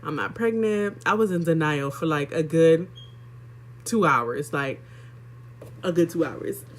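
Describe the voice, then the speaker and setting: A woman's voice: sits low, slow, slight background noise. Young woman vlogger, chatty and candid, talking straight to her viewers with lots of likes and you-knows. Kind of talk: casual storytelling vlog.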